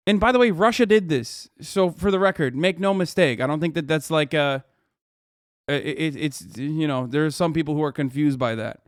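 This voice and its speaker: A man's voice: a little high, moderate pace, dry recording, studio quality. A man streaming a reaction video, ranting at his chat with heavy swearing and rising anger. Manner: profane, heated ranting at chat. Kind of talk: livestream reaction commentary.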